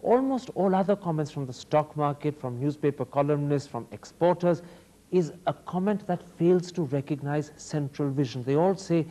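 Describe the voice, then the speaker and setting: A man's voice: a little high, moderate pace, dark tone. A man with an Indian accent hosting a TV interview, asking probing, articulate questions. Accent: Indian English. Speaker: TV interviewer host. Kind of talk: formal TV interview.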